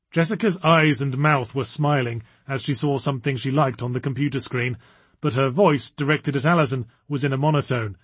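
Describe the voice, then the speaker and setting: A man reading a story aloud in measured, wry narration. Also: mid-range voice, steady tone, husky, no echo. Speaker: audiobook narrator. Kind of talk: scripted narration.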